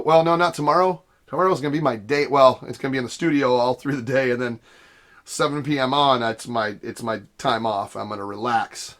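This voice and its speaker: The gaming vlog host talks fairly quickly in a steady, mid-range voice with a bit of brightness. Working from a desk camera setup in his home basement studio, he rambles casually, often interrupting himself and laughing.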